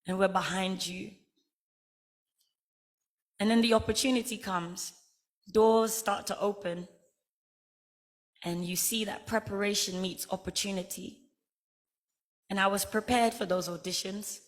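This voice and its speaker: A woman's voice: mid-range voice, steady tone, unhurried, pauses often. Earnest Guyanese woman giving a heartfelt speech. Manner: earnest, heartfelt, emphatic storytelling. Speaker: honorary degree recipient giving an acceptance speech. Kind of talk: ceremony acceptance speech.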